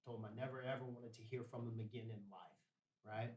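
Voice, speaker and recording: A man's voice: medium pitch, little pitch movement, fast, darkish tone, echoey room, distant mic, poor audio. A man telling a personal story as a podcast guest, blunt and profane, dropping "man" and "bro" constantly.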